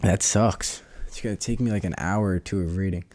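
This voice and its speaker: A man's voice: deep voice, fairly quick, a little mellow. A young man hosting a casual solo podcast, rambling loosely with lots of slang and fillers. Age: young adult. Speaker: podcast host. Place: his own room.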